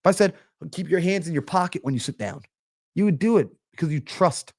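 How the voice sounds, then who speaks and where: A man coaching on a live stream, energetic and preachy, acting out little everyday scenes. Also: on the high side, fairly quick. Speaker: mindset coach. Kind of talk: motivational live-stream talk.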